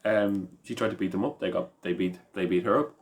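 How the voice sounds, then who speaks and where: A man's voice: fairly low pitch, a little fast. Tired Irish man rambling a recap. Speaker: podcast co-host. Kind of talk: casual wrestling chat.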